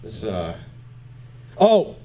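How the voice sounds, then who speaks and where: A man doing stand-up comedy on a club stage, animated and crude, chatting with the crowd. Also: lowish voice, drawn-out words.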